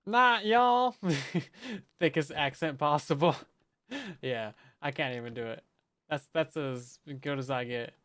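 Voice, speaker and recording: A man's voice: medium pitch, measured pace, a bit bright, smooth. A man streaming a game, chatting casually with viewers in a joking way and often repeating words as he restarts. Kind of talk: casual live-stream chat while gaming.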